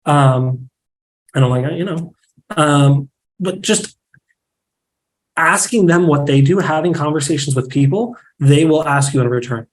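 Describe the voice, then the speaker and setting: A real estate marketing director with a fairly high voice talks at normal speed as a guest on a casual podcast, recorded roughly. Candid and animated, he acts out small pieces of dialogue to illustrate what he means.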